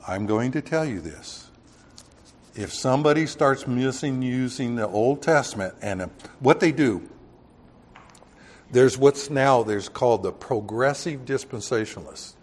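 A man from Texas preaching a Bible sermon in a conversational way, growing loud and emphatic on key points. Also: medium pitch, animated, measured pace. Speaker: pastor.

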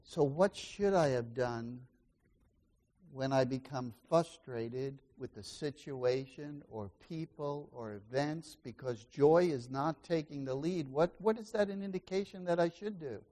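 A pastor with a slightly high voice preaches at a measured pace, posing questions to the congregation. He swings between loud exclamations and quiet asides.

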